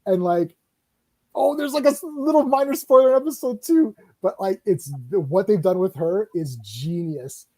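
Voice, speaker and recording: A man hosting a casual online horror discussion, talking excitedly with lots of laughter. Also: high voice, moderate pace. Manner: excited, laughing, acts out scenes. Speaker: stream host. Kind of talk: casual chat about horror shows.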